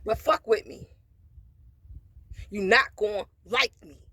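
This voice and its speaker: A woman's voice: mid-range voice, takes it slowly, pushed and bright, slightly rough, no room sound. Blunt, profane woman telling a story. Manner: preachy asides about faith. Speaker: storytime vlogger. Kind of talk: casual storytime monologue.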